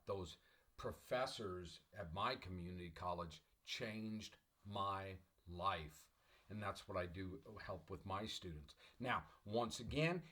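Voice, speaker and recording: A middle-aged college English professor teaches an online class, emphatic, repetitive, and motivational, often clearing his throat. His voice is fairly low with a fairly bright tone.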